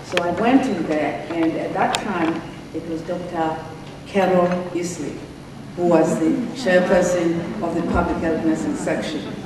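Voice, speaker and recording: An older woman from Africa, giving an acceptance speech in a halting way with many fillers and repeats. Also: on the low side, fairly even intonation, background noise. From South Africa. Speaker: award honoree giving a speech. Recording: echoey hall, mic heard from far off.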